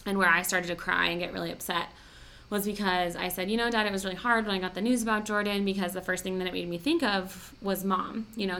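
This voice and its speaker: Bright-voiced chatty young woman. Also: on the low side, gravelly. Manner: chatty, emotional storytelling full of "like". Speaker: podcast host. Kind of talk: casual podcast chat.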